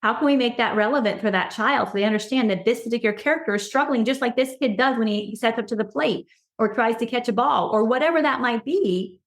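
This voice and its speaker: A woman speaking as a podcast guest, an education consultant talking earnestly and growing excited as she goes. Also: on the high side, fast talker. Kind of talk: casual podcast conversation. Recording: roomy echo.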